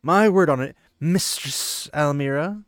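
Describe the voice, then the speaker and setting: A man's voice: fairly high pitch, a little slow, dry recording, studio quality, natural voice. A man voicing an old wandering minstrel who speaks in a courtly, eager-to-please way. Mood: earnest.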